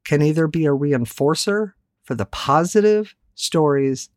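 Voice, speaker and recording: Woman self-help host, animated delivery over a wide pitch range, candid and casually profane, dry close sound. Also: a little slow, no echo. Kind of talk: reflective solo monologue.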